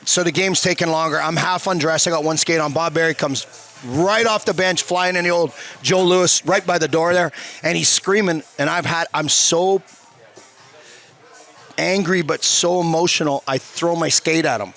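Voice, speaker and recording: Bright-voiced man telling a rambling story. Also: a little high, normal speed, faint music behind. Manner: rambling, profane, frequent restarts. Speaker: podcast guest telling a story. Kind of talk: casual storytelling.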